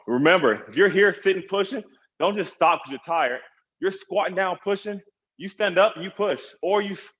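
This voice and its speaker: A man's voice: mid-range voice, a bit bright, lo-fi sound. Upbeat man coaching a workout. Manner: upbeat, encouraging, counts down reps. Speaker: personal trainer. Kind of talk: live online workout coaching.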